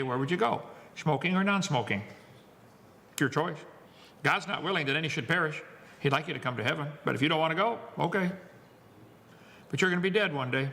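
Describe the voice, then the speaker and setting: A man's voice: on the high side, gravelly, pushed and bright, in a large hall, slight background noise. A man giving a lecture to an audience, wisecracking, preachy and emphatic. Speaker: seminar speaker.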